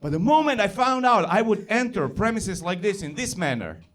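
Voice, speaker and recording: A man's voice: high-pitched, big pitch swings, normal speed, fairly bright tone. A middle-aged man from former Yugoslavia with a Balkan accent, doing a stand-up comedy set on a club stage into a handheld mic, often laughing through his punchlines.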